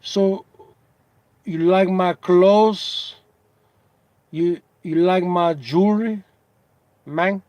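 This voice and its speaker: A man imitating a swaggering male wrestler character, speaking slowly in a put-on Spanish accent. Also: high-pitched, a little mellow, no room sound, dull audio. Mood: cocky.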